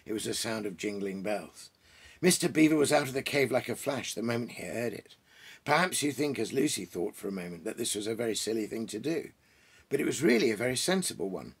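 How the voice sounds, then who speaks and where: A man reads a classic children's story aloud, gently and thoughtfully, with small pauses and restarts. His mid-pitched voice has a gravelly, husky grain. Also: lively intonation. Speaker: reader and storyteller. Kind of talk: reading a children's book aloud.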